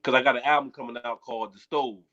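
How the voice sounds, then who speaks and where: A man's voice: medium pitch, fairly even intonation, fast, a crowd in the background. A man, a comedian, telling a story in casual chat, laughing as he goes and quoting people in their voices. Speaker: guest comedian. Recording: dull lo-fi audio.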